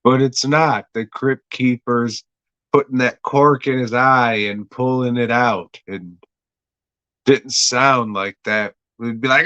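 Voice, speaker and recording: A man hosts a podcast and talks his way through a TV episode in a loose, rambling recap that is full of swearing and jokes. He speaks slowly at a middle pitch, and his voice is recorded close and dry. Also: steady tone, sharp tone, clean tone, no room sound, lo-fi sound. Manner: rambling, profane, jokey. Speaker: podcast host reviewing a TV episode. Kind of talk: casual profane episode recap.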